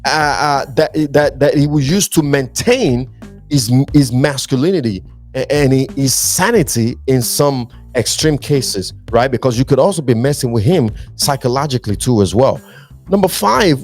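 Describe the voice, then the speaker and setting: A man's voice: medium pitch, darkish tone. A man hosting a relationship podcast, giving earnest, emphatic advice and repeating his points. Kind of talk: preachy relationship advice talk.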